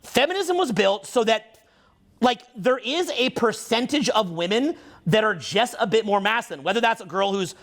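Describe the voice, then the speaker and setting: A man's voice: sits high, lively intonation, fairly bright tone. A man, a social skills coach, in a heated, profane, emphatic monologue that keeps picking up speed. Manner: talks fast, gets on a roll. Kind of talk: unscripted ranting monologue.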